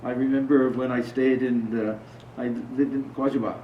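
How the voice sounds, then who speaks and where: Speaking at a normal speed in a level, medium-pitched voice, a man leads an informal spiritual gathering, sharing stories and questioning his small audience in a conversational way. Slight background noise is present, and the recording feels roomy, far off and muffled.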